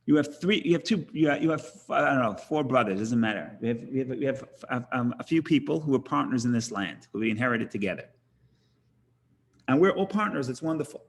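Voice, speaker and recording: A middle-aged man leads a Talmud class in a loose, conversational way, often restarting his sentences. He acts out the people in his examples, and his voice sits at an ordinary middle pitch. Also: expressive, a little fast, creaky. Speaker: rabbi teaching Talmud class. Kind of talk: informal lecture with storytelling.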